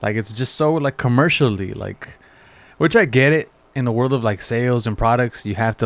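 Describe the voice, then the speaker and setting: Relaxed slangy man chatting. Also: medium pitch, normal speed, dry recording. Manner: relaxed slangy talk with fillers. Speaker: podcast co-host. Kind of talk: casual chat.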